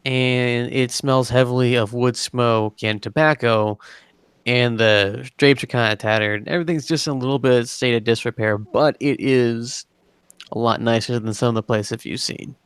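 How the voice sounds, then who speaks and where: Brief: relaxed male game master, mid-pitched, dry close sound, loose rambling narration. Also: normal speed, smooth, no echo. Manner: casual, rambling, lots of fillers.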